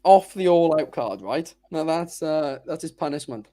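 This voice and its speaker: Man, animated, ribbing, swooping intonation. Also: a little high, moderate pace. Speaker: podcast co-host. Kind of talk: casual chat.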